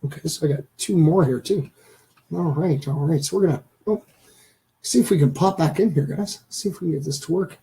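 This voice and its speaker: A man's voice: fairly high pitch, brisk, warm tone. Rambling man hosting a live stream. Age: 30s. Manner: rambling, talks straight to viewers. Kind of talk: casual live-stream chat.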